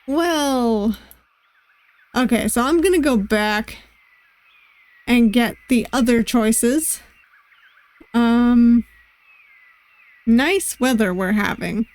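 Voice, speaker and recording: A woman's voice: a little high, animated, slow, dry recording. A woman streamer reading a visual novel aloud with chatty, amused asides to her viewers, on a close mic. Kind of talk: let's-play commentary and reading aloud.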